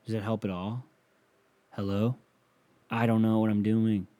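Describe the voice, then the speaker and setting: A man's voice: fairly low pitch, level tone, unhurried, warm tone, no echo. A man hosting a casual solo podcast from a small home studio, talking crude and rambling and mocking himself, close on a sensitive mic. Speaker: podcast host.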